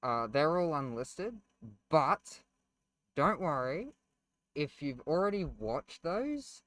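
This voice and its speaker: A man's voice: on the high side, big pitch swings, slow pace, a bit bright. A young man hosting a gaming channel, giving a casual game review with sarcastic, self-deprecating jokes, casual swearing and rambling ums. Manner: rambling with ums and repeated words.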